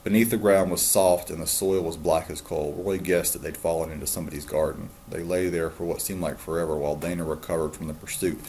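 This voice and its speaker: A man, a teacher, calmly reading a novel aloud to his students. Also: deep voice, fast, hardly any pauses, slight background noise. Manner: calm, steady storytelling.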